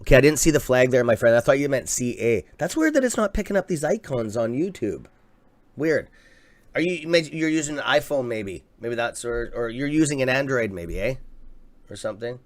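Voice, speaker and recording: Canadian guy on a livestream, excited, cussing a lot, rambling chat about stocks with viewers. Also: mid-range voice, normal speed. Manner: excitable, profane, chatty. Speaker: livestream host. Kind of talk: casual live market chat.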